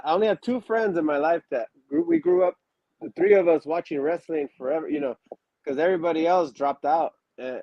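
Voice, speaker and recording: A man's voice: fairly high pitch, darkish tone, no echo, lo-fi sound. A man in a casual interview, telling stories with many restarts and fillers and acting out quotes. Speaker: wrestler guest.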